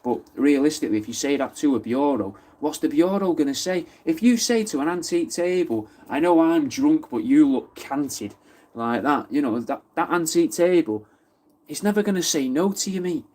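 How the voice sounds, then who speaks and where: Man, Mancunian accent, casual live-stream chat, mellow voice, swears a lot. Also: on the high side, lively intonation, a little fast. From Wythenshawe, Manchester. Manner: chatty, swearing, replies to viewer comments. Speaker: livestream host.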